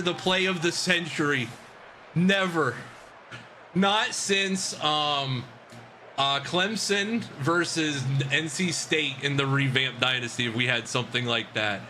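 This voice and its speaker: A man giving excited play-by-play commentary on a football video game he is playing, shouting and laughing. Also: a little high, slight background noise. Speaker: game streamer.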